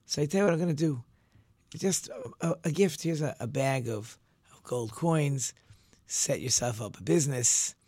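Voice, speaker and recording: A man voicing a kind king who speaks slowly and reassuringly. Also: mid-range voice, mellow, dry recording, natural voice. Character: kind, generous disguised king.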